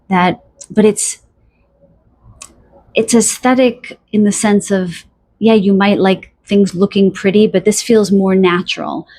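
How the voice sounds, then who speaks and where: A woman giving a pick-a-card tarot reading, talking softly and dreamily to the listener, with many fillers, pauses and restarts. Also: mid-range voice. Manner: addresses the listener directly. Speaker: tarot reader.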